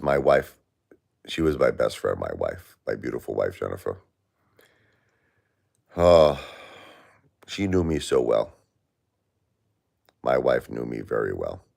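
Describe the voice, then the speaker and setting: A man's voice: a bass voice, gravelly, darkish tone. A grieving man hosting a live stream, talking in an aggrieved, plaintive, repetitive way and answering chat. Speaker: livestream host.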